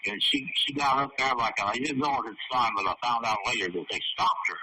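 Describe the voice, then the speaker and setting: A man's voice: medium pitch, fast talker. A man being interviewed, telling a long story in a rambling, profane way and chuckling at parts of it. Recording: distant, noisy recording.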